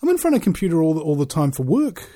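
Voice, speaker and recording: A man rants through a rambling monologue, swearing freely and firing off rhetorical questions. His pitch swings widely, leaping up when he gets worked up and sinking low when he settles. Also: huge pitch swings, rapid-fire, dark tone. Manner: profane, ranting, rhetorical questions.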